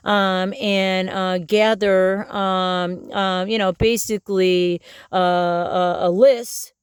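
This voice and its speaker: Woman, middle-aged, rambling rant, profane, lots of fillers, smooth voice, dry close sound. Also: medium pitch, steady tone, takes it slowly, no room sound. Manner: profane, ranting, many fillers. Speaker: vlogger. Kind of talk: rambling casual monologue.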